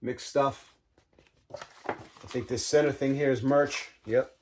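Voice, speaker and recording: A man's voice: mid-range voice, steady tone, slow, a little hiss or hum. Chatty man showing his records. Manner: chatty, enthusiastic, talks to viewers, says "man" and "all right" a lot. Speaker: vinyl collector showing his collection. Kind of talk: casual show-and-tell vlog.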